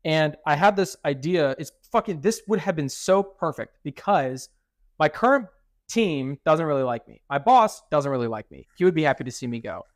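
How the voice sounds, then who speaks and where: A man's voice: fairly high pitch, animated, normal speed, no room sound, studio quality. A young man co-hosting a podcast, telling stories in casual chat, swearing freely and acting out what people said. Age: young adult. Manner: swears freely and acts out quoted dialogue. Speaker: podcast co-host.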